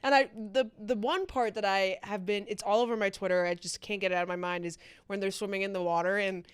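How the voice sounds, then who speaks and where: A woman's voice: medium pitch, steady tone, quick pace, smooth, dry recording. A woman co-hosting a podcast, gushing enthusiastically about a show in casual chat. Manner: gushing, enthusiastic fan talk. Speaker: podcast co-host.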